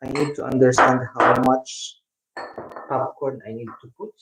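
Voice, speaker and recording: A man with a Filipino accent hosting a casual live stream, chatting with viewers in a rambling, halting way. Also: mid-range voice, fairly even intonation, very noisy. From Philippines. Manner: rambling, halting, with many restarts. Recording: echoey room, mic at a distance.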